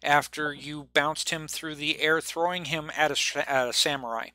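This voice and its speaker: A man narrating a tabletop game as game master, talking haltingly with many fillers and restarts. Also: a little high, fairly even intonation, sharp tone, slight background noise.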